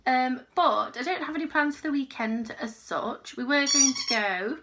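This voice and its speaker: Bright-voiced chatty woman vlogger. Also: high voice, normal speed. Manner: rambling, chatty, talks to her dog. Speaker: crochet vlogger. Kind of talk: casual chat. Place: home.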